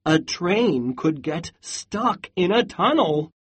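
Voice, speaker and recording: A reader voicing a cautious goat who warns about every danger, in a slow storybook read-aloud. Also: very animated, husky, heavily acted. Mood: cautioning. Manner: slow, worried warnings, rising to high exclamations.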